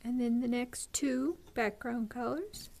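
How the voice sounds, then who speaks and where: A woman hosting a beading tutorial, explaining each step patiently with frequent ums and pauses. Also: on the high side, vocal fry, a little mellow.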